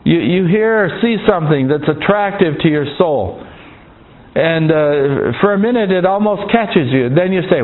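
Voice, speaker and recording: Halting preacher man on a tinny line. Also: on the high side, expressive. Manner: halting, repeats words, calls "Amen?" to the congregation. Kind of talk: Bible-study sermon.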